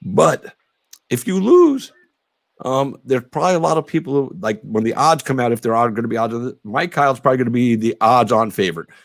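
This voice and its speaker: A man's voice: mid-range voice, quick pace, few pauses, no echo. Rambling, cursing male podcast host. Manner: rambling, profane, laughs a lot. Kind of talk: casual interview.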